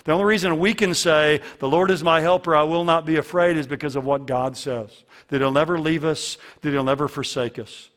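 A man's voice: on the high side, fairly even intonation, fairly quick, a bit bright. A man preaching a sermon as a pastor, earnest and fond of repeating key lines for emphasis.

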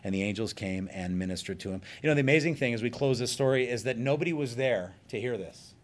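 A male pastor giving an earnest sermon, slowing down to stress key points. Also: mid-range voice. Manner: earnest, emphatic preaching with slowed stresses.

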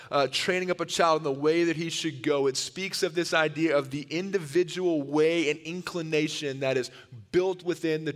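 A younger male pastor delivers a heartfelt sermon with a slightly raised pitch and an earnest, storytelling manner. His voice rolls out into a church sanctuary that holds a long reverb. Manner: earnest and storytelling, given to animated retellings. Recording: long reverb of a large hall.

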